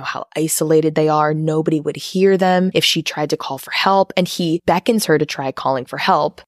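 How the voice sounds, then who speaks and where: A woman with a low voice recaps a film plot for her podcast, talking casually and filling her sentences with little asides. The sound is dry and close, with no room around her. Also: no room sound. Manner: chatty, profane, recaps with frequent fillers. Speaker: podcast co-host.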